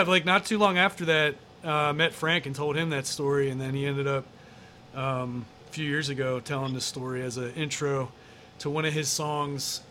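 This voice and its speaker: A man's voice: fairly high pitch, sharp tone, slight background noise. A man as an interview guest, telling a story casually in a rambling way, with many fillers and some swearing.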